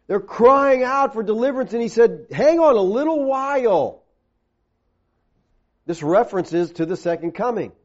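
High-voiced emphatic male preacher, lo-fi. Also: a little mellow. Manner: emphatic, reads scripture aloud in lower voice. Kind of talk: sermon. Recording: dull lo-fi recording.

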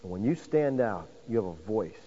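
A man's voice: lowish voice, animated, brisk, dark tone, a little hiss or hum. A man preaching a sermon as pastor, calling his listeners "folks" and building to emphatic points. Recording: dull sound with long hall reverb.

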